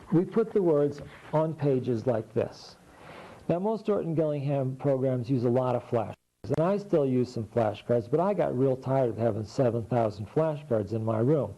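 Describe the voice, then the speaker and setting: A man's voice: medium pitch, dark tone, low-quality recording. A middle-aged man, a literacy teacher, walking through his teaching materials in a plain, folksy, practical way.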